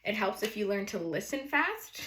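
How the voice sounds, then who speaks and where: Fast-talking woman with a New England accent. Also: medium pitch, sing-song, reverberant, heavy background noise. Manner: fast-talking, playful, laughs often. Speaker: tarot reader. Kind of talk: chatty tarot card reading.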